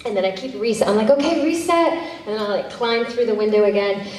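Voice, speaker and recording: Chatty actress in an echoey hall. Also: female voice, mid-range voice, steady tone, fast talker, a little mellow. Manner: chatty, self-interrupting, laughs easily. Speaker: panel guest, actress and director. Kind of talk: casual convention Q&A answers. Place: convention hall panel. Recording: echoey hall from far off, faint noise.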